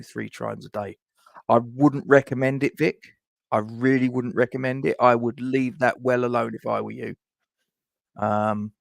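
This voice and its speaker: London bloke rambling about transfers live, gravelly, dry close sound. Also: male voice, mid-range voice, dry recording. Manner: chatty, jokey, rambling. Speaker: fan channel host. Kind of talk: live football transfer chat.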